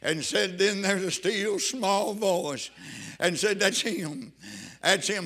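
An older man, preaching a fervent sermon as pastor and rising into shouted praise. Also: high-pitched, slow pace.

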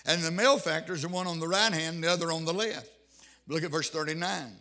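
A man preaches a sermon with a rhythmic, rolling cadence, stretching his emphatic phrases and breaking into interjections. His voice is bright and forceful, sitting a little higher than most men's. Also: brisk.

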